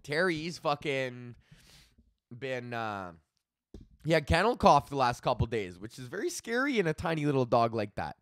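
A man's voice: mid-range voice, sing-song, normal speed, no echo, clean studio sound. A man of thirty hosting his own comedy podcast, rambling and swearing freely as he vents and laughs at his own jokes. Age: 30s. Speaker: podcast host. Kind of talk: casual solo comedy podcast rant.

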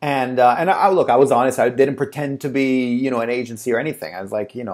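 Guy rambling through a work story to camera, lots of "you know"s, mid-pitched voice. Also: fast, hardly any pauses, darkish tone. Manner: chatty storytelling with many fillers. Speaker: translator and agency owner. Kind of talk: casual talk to camera.

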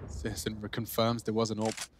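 A man calling an online esports match play-by-play, quick and excitable, joking with his co-caster. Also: fairly low pitch, noisy background. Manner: excitable, rapid, playful banter. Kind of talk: play-by-play commentary.

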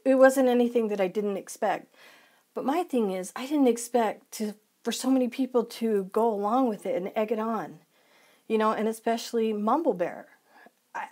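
A woman's voice: fairly high pitch, a little mellow. A woman vlogger ranting emphatically and sarcastically to her viewers. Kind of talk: vlog rant.

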